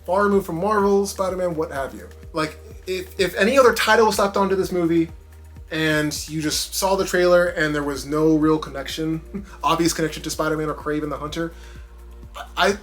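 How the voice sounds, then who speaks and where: Animated man reviewing a movie. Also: a little high. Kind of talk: casual spoken review.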